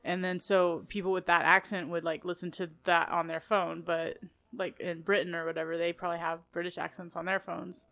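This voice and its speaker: Sex: woman. Role: podcast co-host. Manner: chatty, lots of "like", quick laughs. Style: casual chat. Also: on the low side, little pitch movement, creaky, fairly bright tone. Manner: chatty, heavy use of "like", laughs easily.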